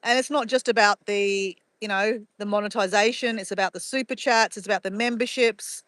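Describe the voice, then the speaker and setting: A woman's voice: medium pitch, steady tone, fairly quick, a bit bright, no echo. A woman streaming live from her phone outdoors at sunrise, chatting casually and reading out viewers' messages. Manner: chatty, greets viewers by name and reads chat aloud.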